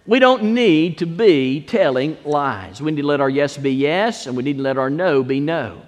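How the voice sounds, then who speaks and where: A man preaching a sermon as pastor, stressing key words with slow, deliberate emphasis. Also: on the high side, expressive. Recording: long hall reverb.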